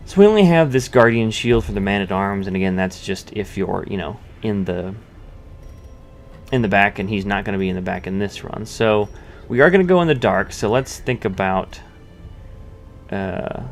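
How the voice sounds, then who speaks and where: A man's voice: lowish voice, a little hiss or hum. Man thinking aloud over gameplay. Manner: thinking aloud, many restarts and fillers. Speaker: gameplay commentator. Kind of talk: casual let's-play commentary.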